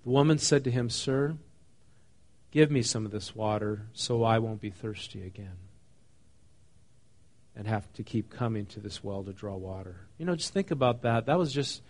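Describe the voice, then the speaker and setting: A man's voice: fairly low pitch, expressive, moderate pace, a little mellow. A man preaching a sermon in a conversational way, reading a passage and then explaining it, often asking his listeners questions. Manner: conversational, asks the congregation questions; reads scripture then explains it casually. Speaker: pastor.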